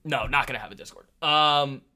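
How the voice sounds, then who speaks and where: A man's voice: mid-range voice, fairly quick. A young man, casually telling a rambling story on a livestream, often breaking off and laughing. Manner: rambling, animated storytelling with laughs and self-interruptions. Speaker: livestream trading host.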